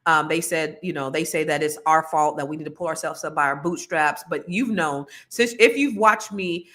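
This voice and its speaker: Woman, livestream host, animated, chatty, talks straight to viewers. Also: deep voice, normal speed. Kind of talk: casual livestream chat.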